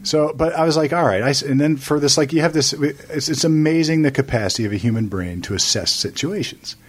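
A middle-aged man telling a story in casual chat, acting out the people he quotes with lively energy. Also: a little high, fairly quick, a little hiss or hum.

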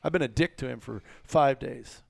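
A man hosting a casual podcast, telling a story in a blunt, profane, animated way. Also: medium pitch, normal speed, gravelly, no room sound. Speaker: podcast host.

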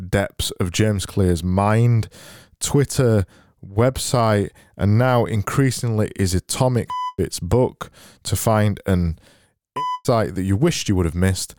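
A man hosting a solo comedy podcast, rambling deadpan and mocking himself, into a boom-arm mic. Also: slow, no echo. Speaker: podcast host.

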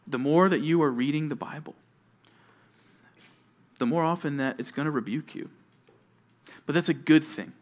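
A male youth pastor preaching to junior high students, telling stories with animation and talking straight to his listeners. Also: normal speed, long pauses. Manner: animated storytelling, addresses listeners directly.

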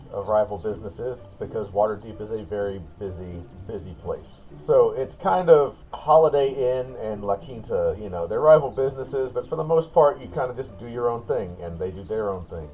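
A man's voice: mid-range voice, darkish tone, muffled recording. A man narrating as game master in a loose, chatty way, full of casual asides. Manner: loose and chatty, lots of "like" and "kinda".

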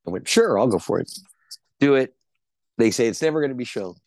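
A man's voice: medium pitch, lively intonation, a little fast, a little mellow, dry recording. A middle-aged man, an actor guest, telling rambling anecdotes with lots of fillers and restarts in a casual interview chat.

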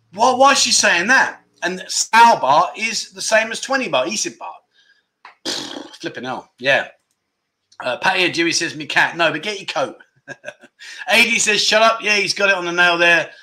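A man hosts a relaxed live chat, reading out comments and breaking into frequent laughs. His voice sits a little high and sounds bright and forward. He slows right down when he teaches a foreign word. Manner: chuckling often, teaching Thai words slowly. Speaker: livestream host.

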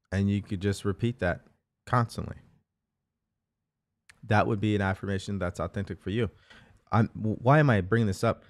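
A man with a lowish voice hosts a motivational live show. He speaks earnestly and repeats key phrases as he coaches. The sound is close and dry. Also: normal speed, pauses often, dry recording. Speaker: host.

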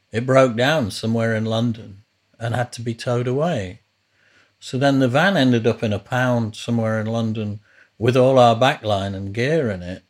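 A man hosting a podcast, telling rambling, casual stories about his early life as a musician. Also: medium pitch. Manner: rambling, with frequent restarts. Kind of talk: casual storytelling.

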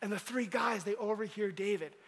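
A man giving a casual storytelling sermon, animated and slangy. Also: high voice, brisk, creaky, breathy edge. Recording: long hall reverb.

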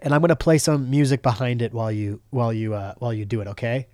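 A man chats casually as host, stumbling and repeating words as he stalls. His voice sits at a middle pitch. The sound is dry and close, with no room echo. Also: steady tone, fast, warm tone. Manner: hesitant, repeating himself while stalling. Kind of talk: casual chat.

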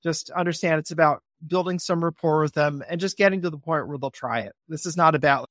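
Man, guest investor, animated, role-plays calls with a cheery voice; slightly high voice, dry booth sound. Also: fast, few pauses, no echo. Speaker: real estate investor guest. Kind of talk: podcast interview.

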